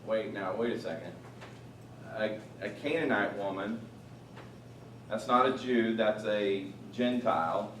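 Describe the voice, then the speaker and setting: A man teaching scripture with a lively, up-and-down delivery, loud on quotes and hushed on asides. His voice sits fairly low and comes from some way off the mic in a roomy, echoing space with faint ambience. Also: a little slow, long pauses, far from the mic, slight background noise. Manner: animated, rising loud on quoted lines, dropping quiet for asides. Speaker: Bible teacher. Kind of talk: teaching on a Bible passage.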